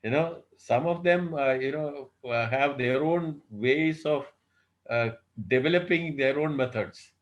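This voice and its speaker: A male professor delivers an online lecture over a video call. He talks in an unhurried, reflective way, pausing on frequent "uh, you know" fillers. He asks rhetorical questions and then answers them himself. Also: medium pitch, lo-fi sound. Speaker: professor giving a workshop lecture.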